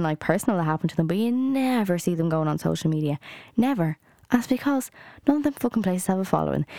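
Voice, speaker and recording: Swearing woman ranting, low and dry. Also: a little mellow, no echo. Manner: heated, swearing, filler-heavy ranting. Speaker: podcast host. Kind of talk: solo rant podcast.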